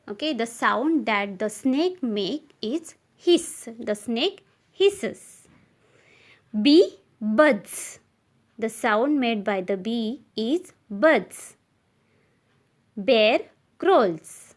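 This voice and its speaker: A woman teacher with an Indian English accent, leading young children through a slow classroom recitation and spelling each word letter by letter. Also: a little high. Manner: spells words letter by letter and repeats them.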